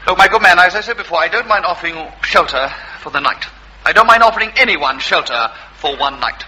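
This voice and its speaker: Comedy sketch: a flustered vicar, genteel and apologetic, with a lively rising and falling voice and a very bright tone. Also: male voice, high-pitched, fast talker, husky, heavily acted, rough recording. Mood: weary. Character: polite, flustered, long-suffering male vicar.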